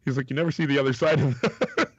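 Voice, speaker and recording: A man's voice: steady tone, quick pace, slightly rough, dry recording, highs cut off. Laughing, swearing podcast guy. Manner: laughs often, swears, acts out quoted people in high voices. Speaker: podcast co-host. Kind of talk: casual chat.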